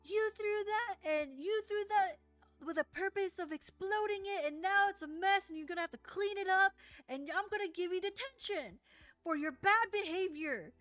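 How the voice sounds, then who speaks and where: A woman voicing a stern female school yard-duty supervisor who scolds in a raised, rapid voice. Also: very high-pitched, a bit bright, no echo, faint music behind, voice pushed up. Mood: accusing.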